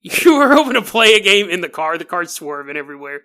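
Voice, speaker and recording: A man's voice: sits high, very animated, fast talker, pushed and bright, clean tone. Man spinning a spooky tale, jokey. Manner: jokey, laughing asides, talks straight to the listener. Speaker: podcast host. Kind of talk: comic paranormal storytelling.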